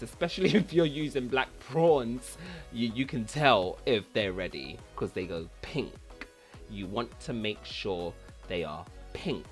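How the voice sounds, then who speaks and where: A man hosting a casual cooking vlog, chatty and rambling, who repeats words for fun. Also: medium pitch. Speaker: cooking channel host.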